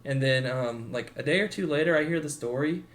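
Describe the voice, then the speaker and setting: A man's voice: mid-range voice, a little fast. A man in his twenties on a podcast, telling a story casually and laid-back, acting out the people in it. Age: 20s. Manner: laid-back, acts out quotes with swearing and laughter. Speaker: podcast co-host.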